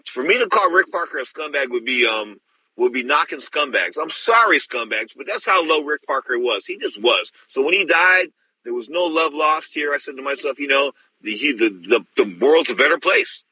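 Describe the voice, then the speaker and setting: A man's voice: on the high side, expressive, moderate pace, sharp tone, lo-fi sound, a little hiss or hum. A middle-aged man hosting a show, telling stories bluntly and rambling with many restarts. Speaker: host. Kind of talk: casual storytelling.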